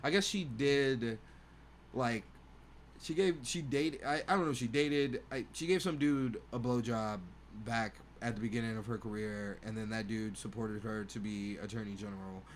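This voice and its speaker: A man's voice: mid-range voice, normal speed. A man hosting a podcast, riffing in a loose, rambling comedic monologue, with faint hum behind. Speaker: podcast host.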